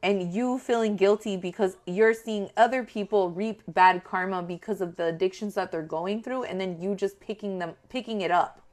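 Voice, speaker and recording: A woman giving a casual tarot reading to her viewers, talking in a blunt, profane and animated way. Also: medium pitch, normal speed, few pauses. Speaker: tarot reader.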